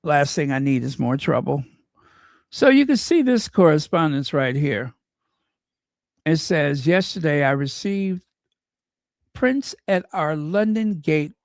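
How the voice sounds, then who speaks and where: Guy reading royal gossip news, snarky little asides, slow and unhurried, dead dry sound. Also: on the high side, lively intonation, no echo. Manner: chatty, sarcastic asides to viewers. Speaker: royal commentary channel host. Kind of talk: casual commentary reading news aloud.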